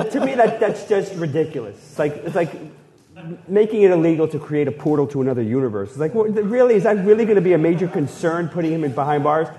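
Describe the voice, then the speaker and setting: A man with a noticeably high voice bantering among co-hosts. He sounds animated and incredulous, and laughs as he talks his way through ideas. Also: a little fast. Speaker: podcast co-host. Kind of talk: casual banter.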